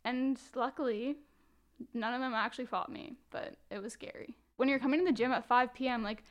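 Young woman, bright high storyteller. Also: brisk, muffled recording. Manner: animated storytelling with acted-out quotes, swearing freely. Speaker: podcast guest. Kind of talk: casual chat.

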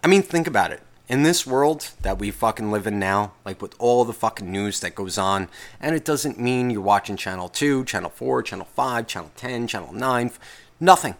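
Speaking at normal speed in an animated, low-leaning voice, a man rants on his solo podcast. The talk wanders, the profanity never lets up, and he often cuts himself short.

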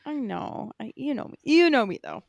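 A woman co-hosting a podcast, apologetic and quick to laugh in casual chat. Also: fairly high pitch, wildly swooping pitch, vocal fry, no room sound. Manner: apologetic, laughs often, many "like" fillers. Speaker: podcast co-host.

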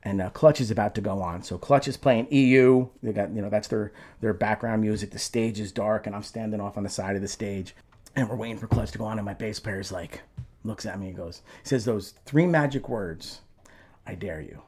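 Animated middle-aged man telling stories. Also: fairly low pitch, a little fast. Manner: animated, with frequent restarts and acted-out quotes in raised voices. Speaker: guest, former band singer. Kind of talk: conversational storytelling.

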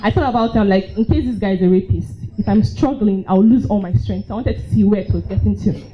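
A woman's voice: medium pitch, fast, slight background noise. A young woman with a Nigerian accent telling a personal story at a live event, laughing often and acting out her own reactions. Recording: dull lo-fi live recording.

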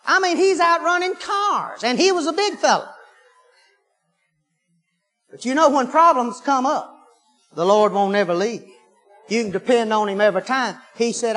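A preacher delivers a sermon with a notably high voice. He mixes folksy storytelling with fervent bursts of praise. The sound carries a long hall reverb. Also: expressive, moderate pace, fairly bright tone, faint music behind.

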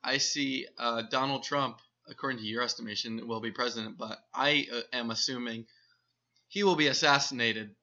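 A man's voice: mid-range voice, steady tone, moderate pace, sharp tone, highs cut off. A man co-hosting a podcast, rambling through joking predictions and searching for words as he goes. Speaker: podcast co-host. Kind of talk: casual joking chat.

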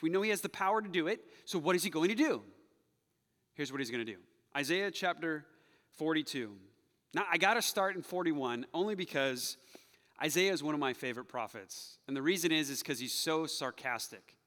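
A man's voice: fairly high pitch, bright, forceful tone, in a large hall. A middle-aged male pastor preaching a sermon, playful and joking, slipping into mocking voices when he quotes.

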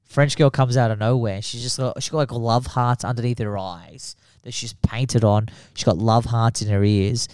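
A man's voice: mid-range voice, steady tone, normal speed, hardly any pauses, darkish tone, clean tone, dry recording. Swearing young man, dry sound. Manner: crude, swearing storyteller who laughs a lot. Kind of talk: casual chat.

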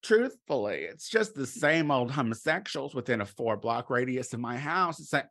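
A middle-aged man delivering a crude comedic monologue, campy and animated, swinging between loud exclamations and low muttered asides. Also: fairly quick, few pauses.

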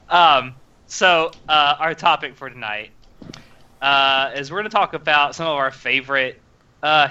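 A young man hosting a casual podcast chat, animated and laughing often. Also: medium pitch, clear, resonant tone, highs cut off. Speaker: podcast host.

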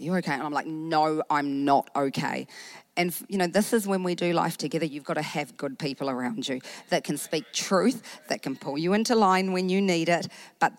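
A woman pastor in her thirties with a New Zealand accent, telling a personal faith story in a sermon, animated, acting out what people said. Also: lowish voice, fairly quick. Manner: animated storytelling with acted-out quotes.

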